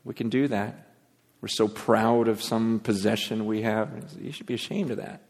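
A man preaching a sermon, moving between hushed, intense passages and raised, pleading ones. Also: lowish voice, fairly even intonation, normal speed, long reverb tail. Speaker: pastor.

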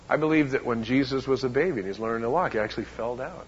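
A man preaching a sermon as a pastor, emphatic, swinging between loud and hushed, often repeating words. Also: medium pitch, very fast, highs cut off, slight background noise.

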